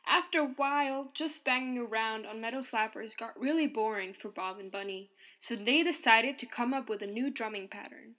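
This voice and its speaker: A woman narrating a scripted podcast in an even, explanatory tone, reading from a script and counting out beats aloud. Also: on the high side.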